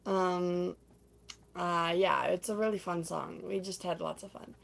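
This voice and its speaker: A young woman on a livestream casually retelling a stage musical she performed in, talking in a rambling way full of "like" and "um", sometimes laughing and putting on squeaky voices for characters. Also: fairly even intonation, unhurried, vocal fry. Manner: chatty, full of "like" and "um", laughs often, acts out lines in squeaky voices.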